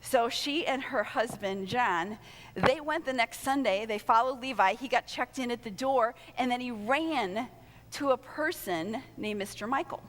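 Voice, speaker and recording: An older woman giving an inspirational conference talk to volunteers, telling stories in a lively way and acting out what people said. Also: fairly high pitch, unhurried, big-room sound. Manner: lively storytelling with acted-out quotes. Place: large conference hall.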